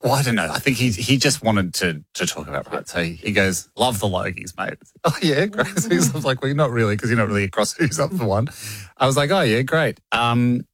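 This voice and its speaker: Australian man, animated storyteller, dry close sound, mid pitch. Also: brisk, slightly rough, no room sound. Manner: animated storyteller, acts out dialogue. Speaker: radio show co-host. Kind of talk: casual banter, telling an anecdote.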